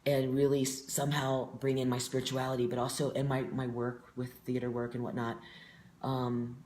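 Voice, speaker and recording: A man's voice: mid-range voice, monotone, moderate pace, darkish tone. Earnest man talking in an echoey room. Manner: reflective and earnest, with frequent fillers. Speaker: guest. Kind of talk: casual conversation.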